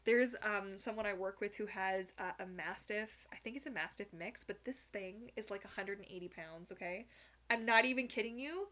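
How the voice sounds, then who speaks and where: A young woman hosting a live Q&A, chatting casually and reading viewer comments aloud with animated, giggly asides. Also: mid-range voice. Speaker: livestream host answering viewer questions.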